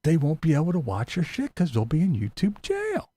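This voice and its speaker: A man's voice: on the high side, wildly swooping pitch, brisk, mellow. A middle-aged man hosting a commentary channel, talking in a blunt, profane, mocking rant and acting out silly voices. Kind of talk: ranting commentary vlog.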